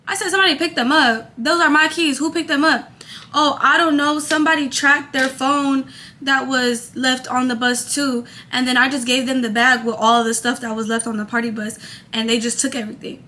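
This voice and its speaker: High, bright-voiced young woman telling a story. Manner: animated storytelling, quoting people in her own voice. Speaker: vlogger. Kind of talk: casual storytime.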